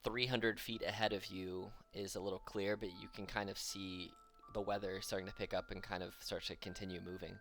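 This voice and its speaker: Slow-talking man narrating a tabletop game. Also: deep voice, little pitch movement, fairly bright tone. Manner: slow, halting narration with fillers. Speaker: game master.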